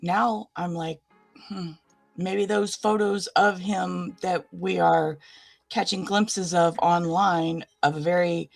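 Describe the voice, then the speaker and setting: A woman's voice: fairly low pitch, steady tone, slow pace, vocal fry, faint music behind. Chatty, playful woman co-host. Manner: chatty, playful, fumbles for words. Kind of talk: casual live chat.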